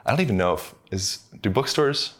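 Interview guest: man with a very low voice, easygoing and rambling, heavy on fillers. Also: a little fast, breathy edge. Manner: relaxed, rambling explanations with many fillers. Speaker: podcast guest, movement coach. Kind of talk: conversational interview.

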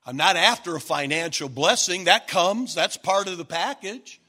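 A man preaching a sermon, emphatic and building stacked, repeated phrases, sometimes rising to a shout. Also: high voice, expressive, normal speed.

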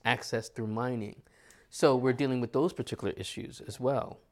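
A man's voice: mid-range voice, fairly even intonation, moderate pace. An American man, an astrologer, talking in a reflective, casual conversation full of rhetorical questions. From United States.

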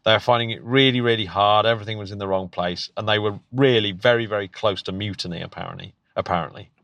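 In a casual, eager chat, a British podcast co-host who also teaches keeps restarting his sentences and laughing frequently. His voice is on the low side, fast, gravelly and a bit bright, recorded dry.

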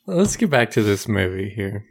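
A podcast co-host in casual chat, making slow, drawn-out remarks. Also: medium pitch, sing-song, gravelly.

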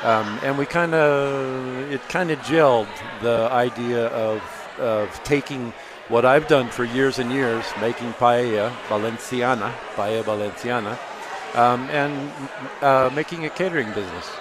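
A man's voice: mid-range voice, measured pace. A man running a catering business, chatting at an outdoor festival, friendly and rambling with fillers. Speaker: caterer guest. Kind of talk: casual interview. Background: crowd and outdoor noise.

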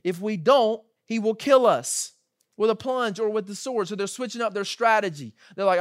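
A man in his thirties preaching a sermon in a conversational, animated way, acting out quoted voices as he tells the story. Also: high voice, normal speed, no room sound, studio quality. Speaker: pastor.

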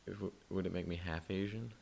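A man with a very deep voice chats casually on a podcast. He sounds relaxed and a little hesitant, often stumbling and trailing off mid-thought. Faint hiss runs in the background. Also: brisk, vocal fry. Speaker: podcast co-host. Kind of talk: casual chat.

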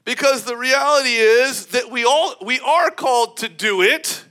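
Man, preacher, sermon, very high pitch, animated, emphatic, laughs often. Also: a little slow.

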